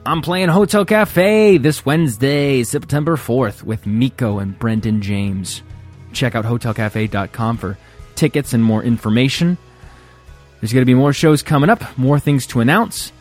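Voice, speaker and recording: Male podcast host, wry and self-deprecating, solo sign-off over soft music. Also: medium pitch, normal speed. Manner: jokey, self-mocking. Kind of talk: solo outro monologue.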